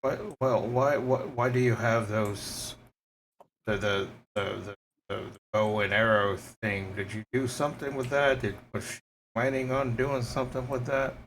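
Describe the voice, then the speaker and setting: Slow, stammering man playing a tabletop game. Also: mid-range voice, fairly even intonation, fairly bright tone, a little hiss or hum, poor audio. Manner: halting, stammering, with repeated words. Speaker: player. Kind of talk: tabletop role-play.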